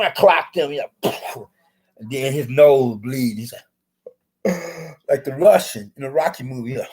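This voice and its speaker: A man's voice: medium pitch, expressive, unhurried, pauses often, a little mellow, breathy edge, poor audio. A man rambling through a solo social media broadcast, often repeating himself and restarting his sentences.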